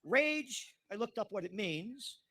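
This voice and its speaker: A man's voice: sits high, animated, slow, bright, forceful tone. A man in his seventies delivering an angry, sardonic monologue as a commentator. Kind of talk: impassioned monologue.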